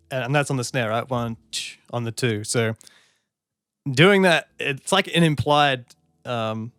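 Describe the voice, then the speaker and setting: A man's voice: mid-range voice, a little slow, fairly bright tone, smooth, no echo. A man giving music analysis commentary as a songwriter, stopping to sing lines and count beats to show his points. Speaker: songwriter reacting to an album.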